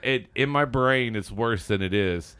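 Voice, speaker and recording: A man's voice: medium pitch, a little slow, fairly bright tone, clean tone, no room sound, clean studio sound. A man telling a rambling, laughing story in a casual chat among friends.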